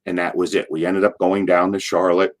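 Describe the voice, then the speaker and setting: An older man with a lower-than-usual voice, recounting backstage stories as an interview guest. He tumbles through them with restarts and repeated words, building each tale with energy. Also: brisk. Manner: animated retelling with frequent restarts and repeated words. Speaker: interview guest, former wrestler. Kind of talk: anecdotal storytelling.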